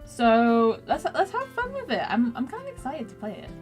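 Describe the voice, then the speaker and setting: A woman's voice: high-pitched, huge pitch swings, normal speed, darkish tone, soft background music. A young woman streamer chatting casually while playing a story game, giggling often and teasing herself as she reads game text aloud. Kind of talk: casual gaming commentary.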